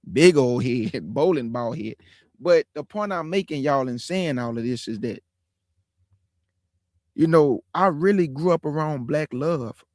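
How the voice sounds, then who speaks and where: A man in his forties, hosting his own show, telling a personal testimony in a casual, animated, folksy way. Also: fairly high pitch, no echo, clean studio sound. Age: 40s. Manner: animated, folksy, drawn-out emphasis. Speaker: show host.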